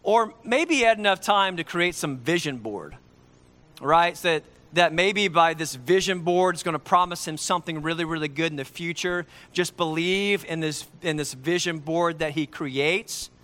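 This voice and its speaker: A man preaching a sermon in a bright, high voice, speaking with emphasis. He slows to repeat his key lines for effect, and his delivery rises and falls along with his points.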